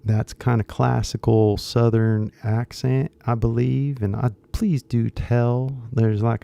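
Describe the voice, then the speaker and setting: A man's voice: on the low side, gravelly, mellow, muffled recording. A man with a Californian accent, talking bluntly and rambling to viewers of his English-teaching channel, mixing in some Japanese. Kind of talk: casual talk to viewers.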